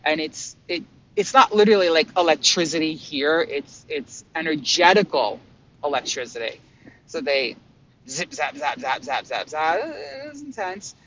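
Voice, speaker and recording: A man vlogging about his spiritual experiences in a casual, excitable way, swearing freely and often stumbling over restarts. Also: a little high, normal speed. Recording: dull lo-fi sound with faint hum.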